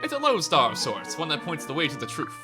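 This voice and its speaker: A man's voice: a little high, huge pitch swings. Guy voicing a precise female scholar mage, stilted wording, music playing. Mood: clinical. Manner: stiff formal wording, halting over long words. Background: game music.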